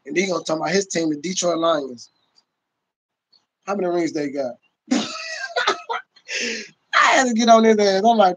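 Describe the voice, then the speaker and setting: A man on a casual livestream, ranting in a loud, profane, boisterous way and laughing often. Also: high voice, expressive, normal speed, pauses often, low-quality recording.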